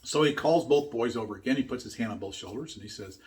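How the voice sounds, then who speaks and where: A man's voice: mid-range voice, quick pace. An older man giving a motivational talk. He tells a story in an earnest, emphatic way and repeats his key points. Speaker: speaker teaching his own method.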